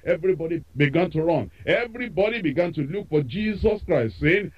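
Male preacher, lively emphatic sermon delivery, slightly high voice, dull lo-fi radio sound. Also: a little fast, hardly any pauses. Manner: emphatic, repetitive preaching cadence.

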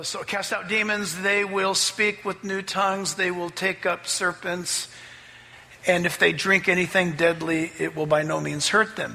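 A man pastor preaching a sermon and telling a story, climbing to loud, excited peaks. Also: high-pitched, creaky, long reverb tail, a little hiss or hum. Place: church sanctuary.

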